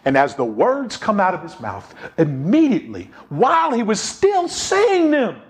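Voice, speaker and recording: Give me a high-pitched man preaching, animated and dramatic. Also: unhurried, hardly any pauses. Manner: animated storytelling with rhetorical questions. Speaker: pastor. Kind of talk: sermon.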